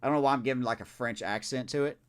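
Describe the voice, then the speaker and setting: A man racing through his words at a medium pitch streams a baseball video game live. He reacts with animated exasperation, talking to himself in casual gameplay commentary.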